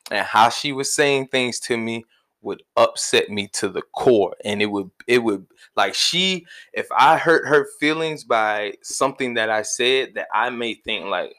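A man co-hosting a casual conversational podcast, talking in a relaxed, colloquial way. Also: medium pitch, measured pace. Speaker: podcast co-host.

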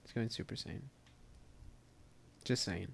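A young man co-hosting a casual podcast, telling a rambling story with lots of fillers. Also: slow. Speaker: podcast co-host. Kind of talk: casual chat.

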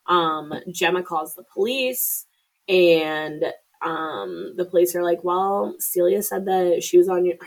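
A woman's voice: fairly low pitch, darkish tone, poor audio. Chatty swearing woman recapping a film. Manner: chatty, swearing, acts out quotes. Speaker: podcast co-host. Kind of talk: casual movie recap.

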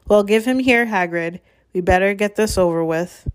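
A woman voicing a stern, brisk older female professor who scolds in hushed, clipped tones. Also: medium pitch, clean tone, no echo, studio quality, lightly acted.

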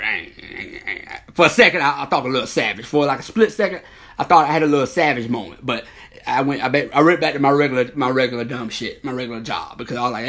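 A man's voice: mid-range voice, lively intonation, brisk, fairly bright tone. A man hosting a podcast, delivering a profane, rambling comedic rant. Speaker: podcast host.

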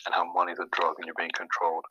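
A man's voice: sits low, completely flat delivery, racing, muffled recording, very noisy. A young man, a podcast guest chatting casually and rambling with lots of fillers. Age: young adult. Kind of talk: casual chat.

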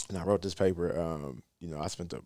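A man with a fairly low voice tells a story in a casual, colloquial way. He speaks in a dry, close sound with almost no room around him, and grows animated as the story builds. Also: quick pace, dry recording. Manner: laid-back, colloquial, animated when retelling.

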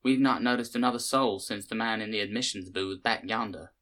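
A gushing, folksy tourist lady with a broad Southern US drawl, as a male narrator puts her on, talking a bit higher than his own low voice. She chatters on sweetly in a storybook reading, with a bright, forceful edge to the tone. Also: fairly quick, natural voice. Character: chatty grey-haired American woman tourist.

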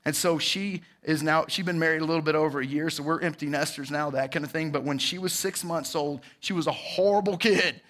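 A man, giving a casual, lively testimony to a church congregation and calling out to the crowd. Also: a little high, brisk, hardly any pauses. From Georgia, US. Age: 40s.

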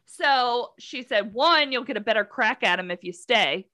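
A woman with a fairly high voice chats casually on a podcast. She retells a story with lively swings in pitch, acting out the characters' lines with sarcastic asides. The sound is dry and close. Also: normal speed, dry recording. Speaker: podcast co-host. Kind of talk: casual chat recapping a book.

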